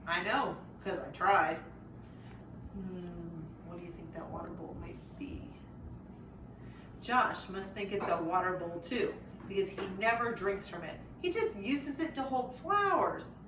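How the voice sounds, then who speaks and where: A woman reading a chapter book aloud to children in a lively way, pausing to ask the listeners questions. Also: lowish voice. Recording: roomy echo, distant mic, faint noise.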